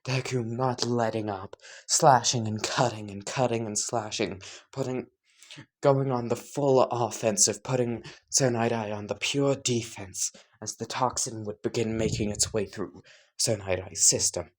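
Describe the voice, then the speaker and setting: A man's voice: mid-range voice, steady tone, a little slow. A man telling an improvised fan story in a casual way, often chuckling and restarting his sentences. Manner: chuckling, casual, self-interrupting. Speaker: fan fiction narrator.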